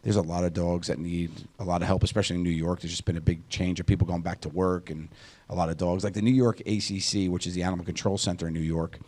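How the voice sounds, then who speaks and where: A man in his forties, a guest on a talk panel, telling stories in a casual, animated way, laughing often and acting out what others said. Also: deep voice, quick pace. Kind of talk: casual conversational storytelling.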